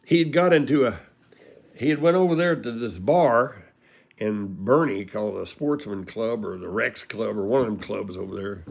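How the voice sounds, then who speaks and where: A man with a fairly low, gravelly and husky voice tells personal stories at a normal speed. His manner is casual, folksy and rambling, and he often laughs at his own punchlines.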